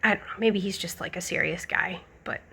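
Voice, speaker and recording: Young woman vlogger, bright, forward tone, casual rambling storyteller with lots of fillers. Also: on the low side, a little fast, slightly rough. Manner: chatty, rambling, lots of likes and ums.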